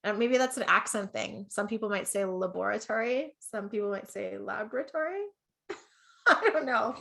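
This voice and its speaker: A Canadian woman leads an online business masterclass in a mid-pitched, everyday voice. She talks in a chatty, upbeat way and keeps checking in with her listeners. She laughs at herself easily. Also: normal speed, vocal fry, sharp tone. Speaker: business coach.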